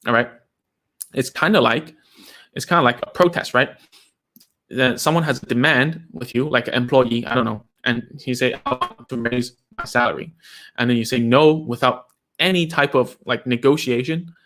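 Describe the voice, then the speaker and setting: A man hosts a live session, giving casual advice as a speech therapist. His pitch is mid-range for a man. He talks in a chatty way, leaning on fillers and tag questions. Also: a bit bright. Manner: chatty, uses many fillers like "like" and "right?". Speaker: speech therapist host answering viewer questions.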